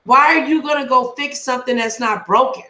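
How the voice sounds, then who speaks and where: A woman host telling a story in casual live-stream chat, animated and acting out quotes with swearing. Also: sits high, brisk, reverberant.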